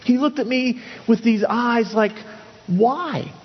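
A man's voice: very high voice, level tone, measured pace. A middle-aged man pastor preaching a sermon and telling a personal story, earnest, with many restarts and repeated words. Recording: dull, with long hall reverb.

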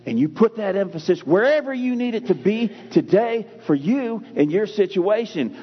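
Husky guy preaching, lots of ups and downs in his voice, drags out the big words, long echo like a big church. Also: high voice, lively intonation. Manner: emphatic, repeats key phrases with drawn-out stress. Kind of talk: sermon. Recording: dull recording with long hall reverb.

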